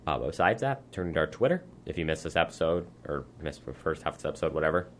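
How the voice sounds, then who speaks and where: A young male host with an extremely deep voice leads a loose sports chat in a small studio. He steers the segment, reels off picks and wraps up with plugs, over a faint hiss in the background. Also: very animated, very fast. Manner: runs the segment, lists picks and sign-offs.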